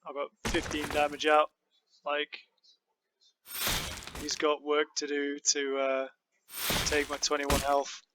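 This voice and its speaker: A man's voice: on the high side, monotone, takes it slowly, pauses often, background noise. A man giving casual, rambling commentary over his card game matches, often joking at his own expense. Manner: rambling, self-mocking, many fillers.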